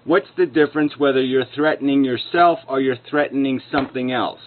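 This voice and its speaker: A man's voice: medium pitch, fairly quick. A man delivering an angry, profane rebuttal rant full of insults, as a video commentator. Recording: narrow phone-like lo-fi sound.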